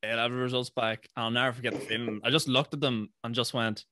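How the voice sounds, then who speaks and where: A man's voice: medium pitch, fairly even intonation, fast, bright, forceful tone, no room sound, clean studio sound. A man chatting casually as host, joking and laughing along with his guest. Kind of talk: casual chat.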